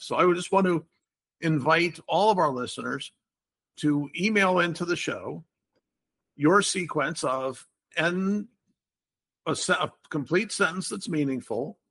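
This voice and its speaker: Bright-voiced older man, playful host. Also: a little high, breathy edge. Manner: playful, wordy explainer. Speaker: podcast host. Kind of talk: casual chat.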